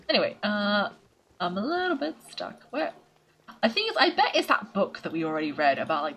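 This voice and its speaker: A woman's voice: on the low side, fairly bright tone, poor audio. A woman hosting a game playthrough, chatting, giggling and poking fun at herself as she reads game text aloud. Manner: giggly, chatty and self-mocking. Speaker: gaming channel host. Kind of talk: let's-play commentary, reading game text aloud.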